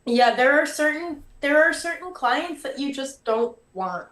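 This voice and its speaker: A woman's voice: high-pitched, animated, fairly bright tone, recorded from a distance. A woman guest talking casually about her trade, with lots of "like" as filler. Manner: quick filler-heavy talk with lots of "like". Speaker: guest, window cleaner. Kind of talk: casual chat. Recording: roomy, from off mic.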